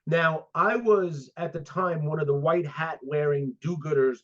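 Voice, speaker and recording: A man in his fifties, a sport psychologist appearing as a guest in a casual interview, tells animated stories and acts out the quoted dialogue. His voice is on the high side with a measured pace. The recording is dull, lo-fi audio.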